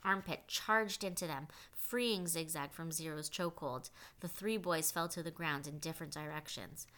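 A woman narrating an audiobook in a steady, clear storytelling manner. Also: deep voice, moderate pace.

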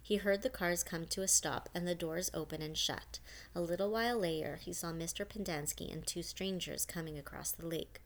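A woman reads a novel aloud in a steady, even narration. Her voice sits a little lower than most women's. She trips over a word now and then and restarts without fuss. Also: normal speed. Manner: steady reading with small restarts. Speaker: audiobook narrator.

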